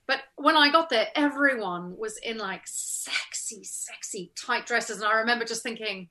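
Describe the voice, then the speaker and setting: A middle-aged actress telling stories in a casual interview, animated and laughing often, acting out the lines she remembers. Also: fairly high pitch, normal speed, hardly any pauses.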